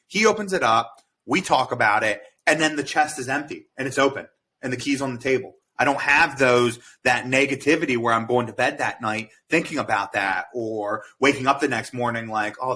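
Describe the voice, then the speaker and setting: Bright-voiced American man telling stories. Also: medium pitch, a little hiss or hum. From United States. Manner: animated storyteller who acts out quoted dialogue and swears freely. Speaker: podcast guest, military veteran. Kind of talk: casual chat.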